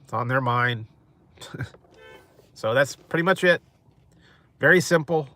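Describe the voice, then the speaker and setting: A man's voice: mid-range voice, lively intonation, slow, sharp tone, no room sound. A man hosting a food mukbang, chatting casually with live viewers and rambling, chuckling often. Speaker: mukbang host.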